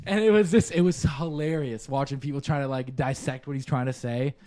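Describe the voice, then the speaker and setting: A young man co-hosting a podcast, telling animated stories with laughs and swearing in casual chat. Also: medium pitch, a little fast. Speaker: podcast co-host.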